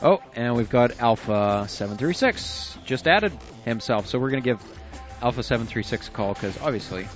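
Joking internet radio host, lo-fi sound. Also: male voice, medium pitch, lively intonation, normal speed. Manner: loose and jokey, laughs often, swears casually. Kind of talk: casual chat. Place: small room at home with the window shut. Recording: dull lo-fi sound, faint music.

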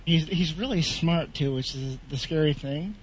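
Wisecracking higher-voiced co-host on a call. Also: male voice, moderate pace, lo-fi sound. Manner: teasing, wisecracking, swears casually. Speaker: co-host calling in remotely. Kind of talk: casual chat.

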